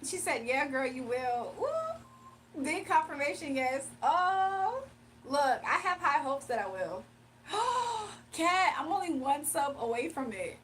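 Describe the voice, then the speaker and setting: High-voiced young woman streamer, chatty. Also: lively intonation, normal speed, hardly any pauses, fairly bright tone, recorded from a distance, a little hiss or hum. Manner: chatty, laughs often, slangy. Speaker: livestream host giving spiritual readings. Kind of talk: casual livestream chat, reading viewer comments aloud.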